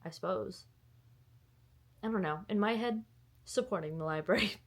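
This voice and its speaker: Speaking at normal speed in a mid-range voice, a young book vlogger sits at home indoors and chats casually to the camera about books, rambling along with plenty of giggles.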